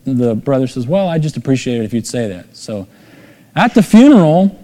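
A middle-aged pastor preaches at a normal speed in a warm, sing-song, mid-range voice, narrating stories and performing the voices inside them with sharp emphatic rises. The sound has a long, hall-like reverb.

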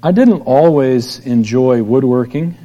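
A middle-aged pastor giving a conversational sermon, telling stories and acting out quoted voices. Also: male voice, medium pitch, lively intonation, measured pace, dark tone, dull audio. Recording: long hall reverb.

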